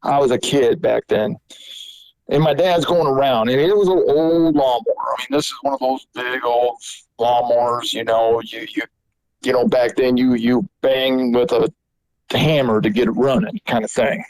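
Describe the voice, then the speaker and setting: A man hosting a podcast tells a story in a loose, rambling way. His pitch sits in the middle range, and the sound is dry and close with no room echo. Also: fairly even intonation, moderate pace, darkish tone. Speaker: podcast host. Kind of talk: casual storytelling.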